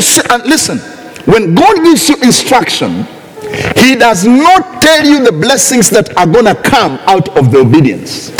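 A man preaching a sermon, emphatic, swinging from soft asides to shouted lines. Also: very high-pitched, wildly swooping pitch, unhurried. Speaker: pastor. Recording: reverberant hall.

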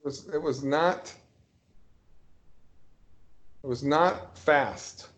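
Hesitant man telling a story. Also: fairly high pitch. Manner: halting, hesitant storytelling with many restarts. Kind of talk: casual podcast chat.

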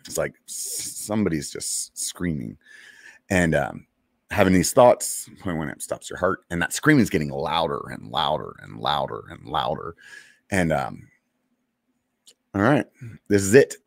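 A man in his forties, a military veteran, casually telling a story from his service, laid-back and profane with lots of fillers and pauses. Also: rumbling low, sing-song, creaky, no echo, studio quality.

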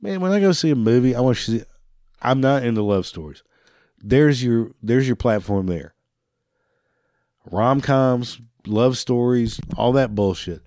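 A talk show host with a mid-range, darkish male voice speaks a little slowly in clean, echo-free studio sound. He's furious and swearing heavily throughout his rant, though laughter breaks through between lines.

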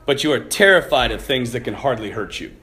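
A man voicing a calm, commanding older football coach who teaches his players a hard lesson. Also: mid-range voice, a little fast. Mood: stern. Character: stern, shrewd older male football coach.

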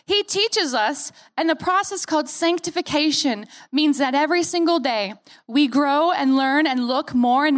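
A young American woman with a high voice preaches a sermon earnestly and animatedly, tossing in playful asides. Years in Australia have softened the accent she brought from the United States.

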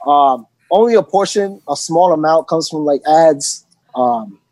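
A man's voice: on the high side, lively intonation, a little slow, darkish tone, no room sound. A man with a New York accent, a DJ chatting casually on a podcast, rambling with lots of ums. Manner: rambling, many ums and you-knows. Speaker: guest DJ.

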